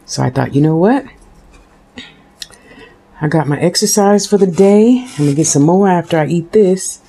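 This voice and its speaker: Low, mellow-voiced woman eating on camera. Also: normal speed, a little hiss or hum. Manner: talks with mouth full, chewing and smacking. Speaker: food vlogger. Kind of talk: casual eating chat.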